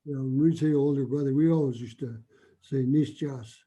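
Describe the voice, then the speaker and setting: Man with a very dark, husky voice. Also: mid-range voice, quick pace. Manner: politely interjects with his own usage. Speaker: learner. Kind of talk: class discussion over a video call. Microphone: video call.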